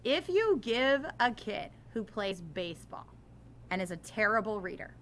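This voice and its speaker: A middle-aged woman teacher talking in an interview, animated and self-deprecating, growing impassioned as she makes her case. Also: mid-range voice, a little slow, a little hiss or hum.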